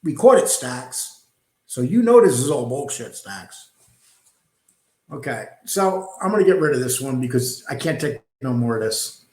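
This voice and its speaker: A man's voice: mid-range voice, very animated, unhurried, darkish tone. A man hosting reaction commentary in a scornful, dismissive way. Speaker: commentary channel host. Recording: echoey room.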